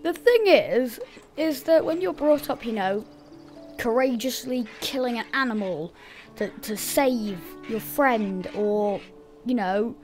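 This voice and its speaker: A young woman casually commentating a video game, chatty and jokey with loud reactions. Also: on the high side, lively intonation, takes it slowly. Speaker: let's play host. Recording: voice over game music.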